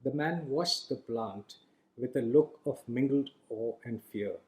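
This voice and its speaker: A man reads his own fantasy novel aloud in a calm, measured storytelling style. His voice is mellow and warm, set at an ordinary pitch for a man. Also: poor audio. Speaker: author reading his own book. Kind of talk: audiobook narration.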